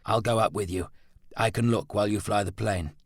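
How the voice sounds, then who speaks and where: A man voicing a stern gentleman, clipped and strained under fear. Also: fairly low pitch, a little fast, dry recording, clean studio sound. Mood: tired. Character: older brother, stern, frightened gentleman.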